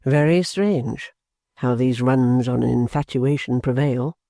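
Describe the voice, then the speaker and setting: A grave, thoughtful gentleman, voiced by the male narrator, who speaks slowly and evenly in a low register. The voice is warm and mellow. The recording is close and dry. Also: gravelly, no echo. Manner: slow, measured, low.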